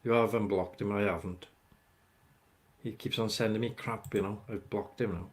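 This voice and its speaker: A man's voice: lowish voice, fairly even intonation, moderate pace. A man hosting a casual livestream, rambling as he chats with viewers by name. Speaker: livestream host chatting with viewers. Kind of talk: casual live chat.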